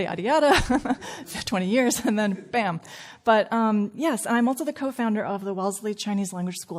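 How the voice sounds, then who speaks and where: A woman's voice: mid-range voice, darkish tone. Chatty, laughing woman giving a talk. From St. Louis, USA. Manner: chatty, laughs often, self-deprecating asides. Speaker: conference speaker. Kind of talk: conference talk. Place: conference room, live audience.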